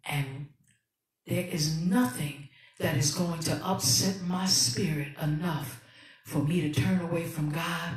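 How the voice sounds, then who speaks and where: A woman's voice: fairly low pitch, fairly even intonation, a little slow. A woman pastor hosting a livestreamed sermon, soulful and encouraging, calling out to her viewers in street-slang church talk. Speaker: pastor and host of a livestream ministry. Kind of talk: livestreamed sermon and music ministry. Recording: echoey room, voice from a distance, music playing. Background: music playing.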